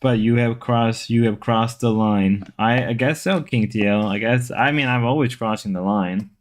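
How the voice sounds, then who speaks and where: A man's voice: mid-range voice, moderate pace. A man hosting a casual livestream, chatting loosely and reading viewer comments, repeating himself as he rambles. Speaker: livestream host.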